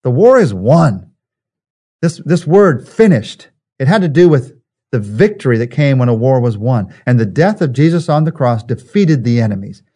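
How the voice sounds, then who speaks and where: Guy preaching a sermon, mellow warm tone, earnest, keeps repeating lines for effect. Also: mid-range voice, sing-song, normal speed, husky. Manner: earnest preaching with rhetorical repetition. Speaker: pastor.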